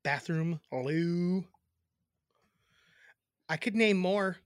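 A man's voice: high-pitched, extremely slow, clear, resonant tone, no room sound, studio quality. A man co-hosting a podcast, chatting casually with a teasing, profane sense of humor. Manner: joking, profane, teasing banter. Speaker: podcast co-host.

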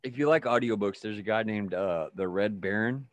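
A man's voice: fairly low pitch, moderate pace, no room sound. A man from Wales in casual podcast chat, telling stories with lots of swearing and acted-out quotes. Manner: animated, profane storytelling with acted-out quotes.

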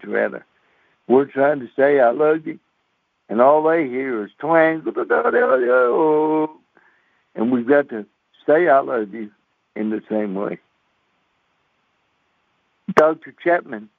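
A man, a radio preacher telling a folksy, animated story as a sermon and mimicking banjo twangs. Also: medium pitch, no room sound. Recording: tinny phone-like dry radio sound.

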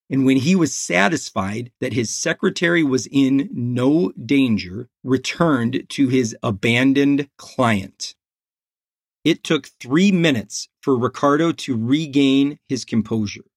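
A man reading a novel aloud as narrator, in a measured, deliberate way. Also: medium pitch, dry recording, clean studio sound. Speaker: audiobook narrator. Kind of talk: scripted narration.

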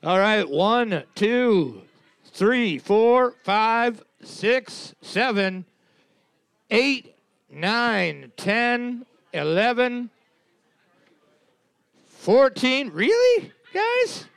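A man's voice: extremely high pitch, sing-song, vocal fry, a bit bright, smooth, dry recording. A man co-hosting a live trivia night, tallying answers and joking sarcastically with profanity. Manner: sarcastic and profane, quick to exaggerate. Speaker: trivia co-host and scorekeeper. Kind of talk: live pub trivia banter.

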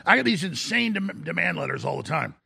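A middle-aged man, hosting a talk show in a mocking, animated rant that breaks into shouts and mimicked voices. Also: fairly high pitch, brisk, gravelly, slightly rough. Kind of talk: ranting monologue.

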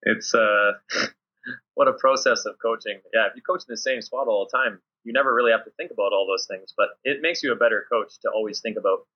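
A volleyball coach talks casually in an interview, his voice somewhat low and husky. He tells stories with energy, putting on quick voices for his players and himself. The recording sounds muffled and lo-fi. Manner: animated storyteller acting out his players and himself. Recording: dull lo-fi audio.

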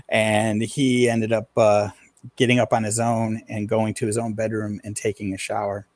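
A middle-aged man telling a personal story in a casual conversation, plain and unhurried, with many fillers and restarts. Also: lowish voice, fairly even intonation, a little mellow, no echo.

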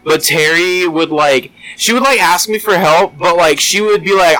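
A man's voice: high-pitched, moderate pace, hardly any pauses, sharp tone, no room sound, low-quality recording. A man co-hosting a casual podcast, adding crude, wry side comments to a friend's story. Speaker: podcast co-host. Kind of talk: casual chat.

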